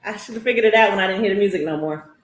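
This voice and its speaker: A woman's voice: medium pitch, racing, roomy sound. A woman hosting a live online giveaway in a playful, goofy way, calling out names again and again. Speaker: host. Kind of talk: live-stream giveaway, casual chat.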